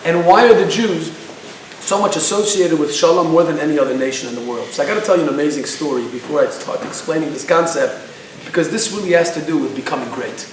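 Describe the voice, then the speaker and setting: A man giving a class, telling a story in an animated way and asking his audience questions. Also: a little high, fast talker, a little hiss or hum. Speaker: lecturer. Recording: very echoey room, speaker far from the mic.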